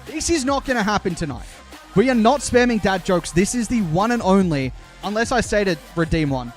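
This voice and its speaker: A man's voice: high voice, expressive, a little fast, soft background music. A young man chatting playfully with his live-stream viewers as a caster, talking straight to chat. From Australia.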